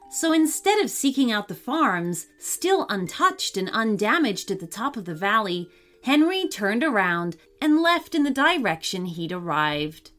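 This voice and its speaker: Lively woman reading a children's story. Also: medium pitch, unhurried, soft background music. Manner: expressive, animated storytelling.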